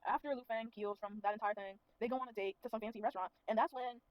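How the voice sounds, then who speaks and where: Rapid-fire sassy woman recapping a film. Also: fairly high pitch, no echo, poor audio. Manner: sassy, profane, animated commentary. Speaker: movie reviewer. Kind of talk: casual spoken film recap.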